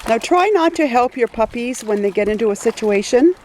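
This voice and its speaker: A woman's voice: fairly high pitch, expressive, brisk, darkish tone, slight background noise. A woman dog breeder narrating a casual outdoor video beside a pond, chatty and coaxing as she calls to the dogs.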